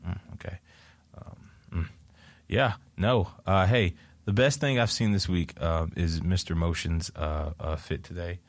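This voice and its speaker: A man's voice: deep voice, steady tone, measured pace, no echo. A man hosting a casual radio show in a studio, joking and laughing often with lots of fillers.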